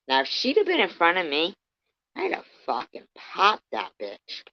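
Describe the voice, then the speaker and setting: A woman's voice: on the low side, wildly swooping pitch, moderate pace. Profane woman ranting angrily on a livestream. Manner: profane, heated, swings from muttering to loud outbursts. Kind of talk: angry ranting livestream commentary. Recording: dull lo-fi stream audio.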